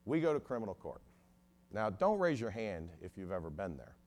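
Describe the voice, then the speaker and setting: A middle-aged lawyer with a lowish voice speaks briskly as he tells a story to an audience. He is an animated storyteller, acting out the voices of the people in it as he quotes their dialogue.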